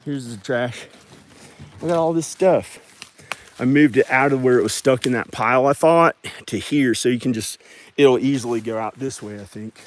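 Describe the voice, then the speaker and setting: A man rambling and joking casually to viewers as he clears out old junk. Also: mid-range voice, steady tone, a little fast. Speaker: video creator.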